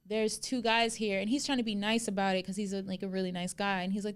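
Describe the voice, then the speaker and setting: A woman's voice: medium pitch, little pitch movement, fast, hardly any pauses, clear, resonant tone. A woman co-hosting a podcast, telling a story in casual chat, acting out quotes and swearing freely. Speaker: podcast co-host.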